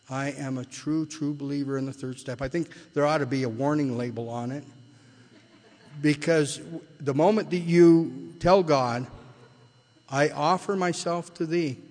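Older man telling his recovery story in a hall. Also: fairly high pitch. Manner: rambling storyteller, repeats and restarts, rises when retelling. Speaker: AA speaker sharing his story. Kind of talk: recovery meeting talk. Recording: long hall reverb.

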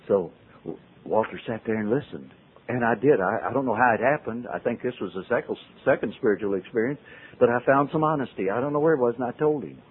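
On a tinny, phone-like old recording, a man recounts his life story to a group, performing the voices of the people in it. His mid-range voice is husky and expressive, and he talks fast.

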